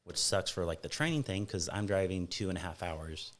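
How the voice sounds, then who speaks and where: A man's voice: low-pitched, lively intonation, fairly quick. A man from Fresno, California, a falconer, telling stories in a chatty, rambling way with frequent restarts in a casual podcast conversation. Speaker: guest falconer.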